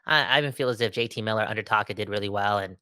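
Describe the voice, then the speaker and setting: A man co-hosting a casual sports podcast, joking and animated, with lots of fillers and restarts. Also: fairly low pitch, racing, smooth, dry recording, clean studio sound. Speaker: podcast co-host.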